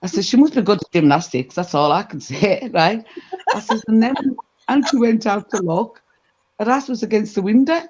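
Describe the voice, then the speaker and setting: A woman telling a gossipy anecdote in a casual chat, animated and full of asides. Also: mid-range voice, moderate pace, breathy edge. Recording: dull lo-fi recording.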